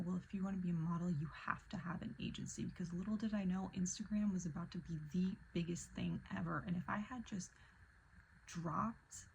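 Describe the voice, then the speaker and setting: Animated young woman with vocal fry. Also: fairly low pitch, a little hiss or hum, rough recording. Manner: animated, filler-heavy, drops to breathy whispers. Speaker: vlogger. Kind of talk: casual storytelling.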